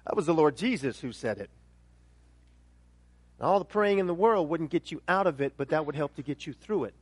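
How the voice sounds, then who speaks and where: A male pastor preaching with a noticeably high-pitched voice. He builds emphatic questions to a loud peak, then sinks into a quiet, intense delivery. The sound is dry and close, with no room echo. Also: lively intonation, normal speed. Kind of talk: sermon.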